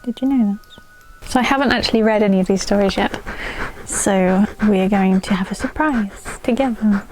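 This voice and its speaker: A woman reads viewer ghost stories at home in a relaxed, chatty way. She keeps stopping to coax and talk to her dog in a sing-song voice. Faint music plays quietly behind her. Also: medium pitch, normal speed. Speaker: channel host reading viewer stories. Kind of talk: casual storytelling vlog.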